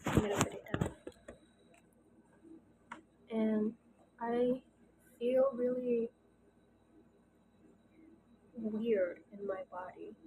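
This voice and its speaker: A young woman in her early twenties speaks slowly and hesitantly, pausing often as she confides in her viewers. Her voice sits a little high and stays soft-spoken throughout. A faint hiss runs underneath the recording. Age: early 20s. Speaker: channel host. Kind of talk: casual confessional talk.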